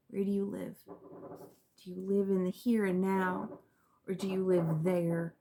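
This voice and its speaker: A woman giving a spiritual tarot reading to her viewers, reflective and earnest, often repeating words and trailing off softly. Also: mid-range voice, level tone, a little slow, a little hiss or hum. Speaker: tarot reader.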